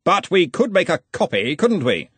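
A male audiobook narrator puts on an exaggerated voice for a booming, jovial old wizard chief who cheerfully barks orders in a loud, commanding way. The voice leaps up and down in a sing-song manner with a husky edge, at a moderate pace, recorded close and dry.

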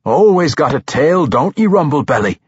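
A man voicing a gruff, joking male dwarf warrior who talks in a folksy dialect. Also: on the high side, very animated, moderate pace, no room sound, muffled recording, pitched above the performer's own voice, full character voice. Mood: teasing.

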